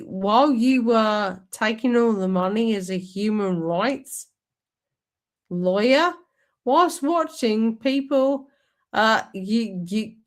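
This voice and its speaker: Woman streamer, sweary sarcastic rant, slow delivery. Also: a little high. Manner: angry, sweary, sarcastic ranting. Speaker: streamer reacting to a speech. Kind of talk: ranting commentary over a played clip.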